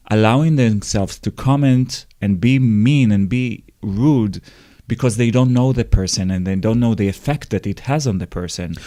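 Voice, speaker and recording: Earnest low-voiced man hosting a podcast. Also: warm tone, dry recording, clean studio sound. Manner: earnest, halting with restarts. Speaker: podcast host. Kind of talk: casual chat.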